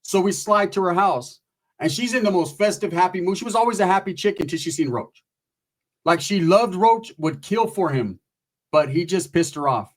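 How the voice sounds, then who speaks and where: A man's voice: high-pitched, lively intonation, moderate pace. A man telling a rambling, crude comic story in a laid-back, profane way. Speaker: comedian.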